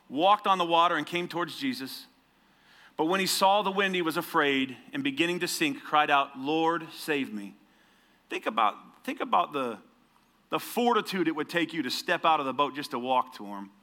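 A man's voice: fairly high pitch, sharp tone. A man preaching a sermon in a conversational way, asking the congregation rhetorical questions. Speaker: pastor.

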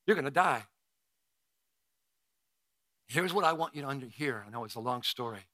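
Guy preaching, emotional storyteller, stumbles and restarts a lot, bright voice. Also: mid-range voice, lively intonation, normal speed, no room sound. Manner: emotional storytelling with frequent restarts and repeated words. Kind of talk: sermon with personal story.

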